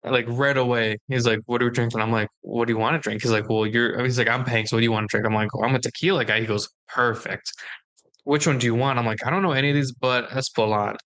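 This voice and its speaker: A man's voice: mid-range voice, fairly even intonation, fast, a bit bright. A young man co-hosting a podcast, telling a story in casual chat and acting out the dialogue. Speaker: podcast co-host.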